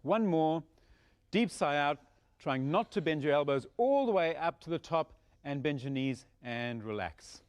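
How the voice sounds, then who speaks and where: A man teaching a Pilates class, giving steady, encouraging cues paced by the breath. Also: on the high side, a little slow, clear, resonant tone. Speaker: Pilates instructor. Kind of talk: guided exercise instruction.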